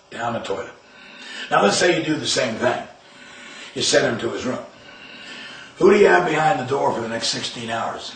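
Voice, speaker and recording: Older male speaker, emphatic storyteller, mid-pitched, miked from afar in an echoey room with faint hiss. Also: fairly bright tone. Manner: anecdotal, emphatic, acts out quoted lines. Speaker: speaker on discipline and verbal judo. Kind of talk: storytelling talk. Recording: far from mic in a roomy space with faint noise.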